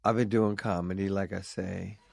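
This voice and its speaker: A man's voice: sits low, flat delivery, normal speed, creaky, background noise. A man hosting his own vlog who talks in a rambling, profane way and slides into telling a stand-up bit. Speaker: vlog host and stand-up comic.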